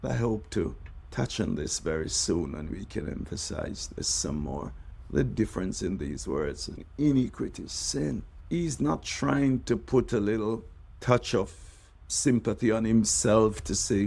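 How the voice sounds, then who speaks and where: A man, a bishop, preaching a devotional sermon, drawing out key words and letting his phrases sink low and soft at the ends. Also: lively intonation, a little slow, creaky.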